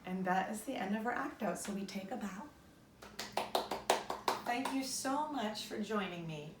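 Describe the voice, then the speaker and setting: Woman leading kids' story time, slow and encouraging, high voice, echoey room. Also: lively intonation, recorded from a distance, very noisy. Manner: slow, encouraging, addresses kids directly. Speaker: children's storyteller, host.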